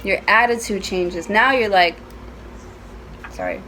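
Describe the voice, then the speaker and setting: A woman's voice: mid-range voice, a little slow, a little hiss or hum, low-quality recording. A woman giving a casual tarot reading at home, chatty and playful, with frequent swearing. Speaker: tarot reader.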